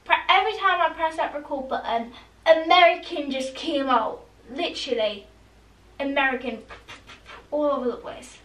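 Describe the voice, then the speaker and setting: Teen girl vlogger, high voice, rambly, recorded from a distance. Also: normal speed, fairly bright tone. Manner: rambling, chatty, full of "like" and "honestly". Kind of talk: casual talk to camera. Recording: echoey room, mic at a distance.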